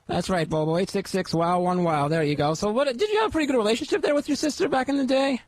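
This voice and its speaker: A man's voice: high-pitched, fast talker, dry recording. A man hosting a radio show, asking his co-host eager, repetitive questions. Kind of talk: awkward radio interview.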